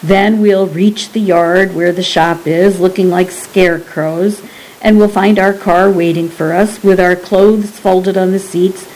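A woman's voice: lowish voice, fairly even intonation, measured pace, a little mellow, lightly acted, low-quality recording. A woman voicing a stammering, shivering young man. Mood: shaken. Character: shivering naked young man, trying to stay calm.

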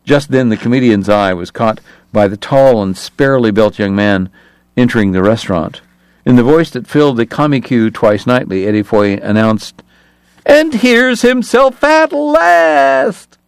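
A male audiobook narrator reading a historical novel in steady scripted narration. His voice sits low, and the recording is dry and close with no room sound. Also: moderate pace, smooth, no echo.

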